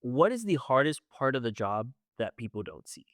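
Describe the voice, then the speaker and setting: A man's voice: medium pitch, very animated, moderate pace, no echo, studio quality. A man interviewing for a podcast, asking short, plain questions.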